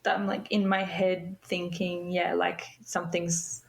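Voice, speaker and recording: A young woman telling a personal story as a podcast guest, unhurried and reflective. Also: lowish voice, little pitch movement, gravelly, rough recording. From Australia.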